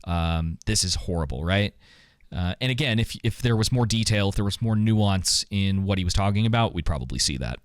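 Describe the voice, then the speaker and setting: A man's voice: fairly low pitch, a little fast, clean tone, dry recording, clean studio sound. A man co-hosting a podcast, thinking aloud in a casual reaction chat. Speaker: podcast co-host.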